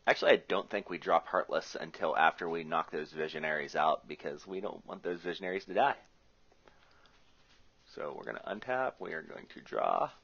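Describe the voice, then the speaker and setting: A Magic player from the US Rust Belt gives chatty, joking play-by-play on his own match, thinking his moves through aloud. His voice sits low, gravelly and fairly bright with a breathy edge, lively intonation and a moderate pace, in a muffled lo-fi recording.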